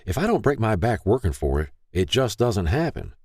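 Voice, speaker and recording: A man's voice: fairly low pitch, very animated, moderate pace, darkish tone, slightly rough, no echo, clean studio sound, voice pushed up, exaggerated voice. A man voicing a proud, grumbling working man. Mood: grumbling terse. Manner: grumbling, terse. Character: proud, embarrassed man down on his luck.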